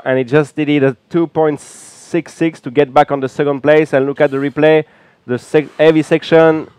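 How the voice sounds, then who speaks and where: Man, French accent, live sports commentary, smooth clear voice, dry close sound. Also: a little high, no room sound. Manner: relaxed, chatty analysis with frequent fillers. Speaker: color commentator. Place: small air-conditioned booth at a beach event.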